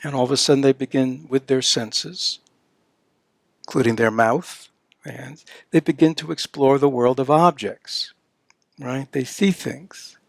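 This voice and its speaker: A gravelly, medium-pitched voice, a little slow and without echo, belongs to an older Buddhist dharma teacher at a retreat. His conversational talk is packed with "you know" and "right?", broken now and then by playful baby-talk examples.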